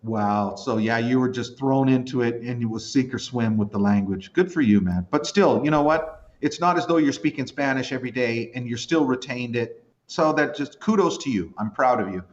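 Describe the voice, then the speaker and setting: A man's voice: medium pitch, normal speed, few pauses, highs cut off. A man in his fifties from Canada, a podcast guest chatting casually, rambling and poking fun at himself. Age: 50s. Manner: rambling, self-deprecating, animated storytelling. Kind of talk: casual chat.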